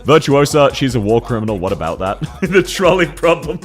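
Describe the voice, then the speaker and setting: A man's voice: mid-range voice, very animated, moderate pace. Young guy streamer w hiccups, laughs a lot, really bouncy voice, faint music under it. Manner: chatty and frank, reads and answers chat, laughs often. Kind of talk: casual livestream chat.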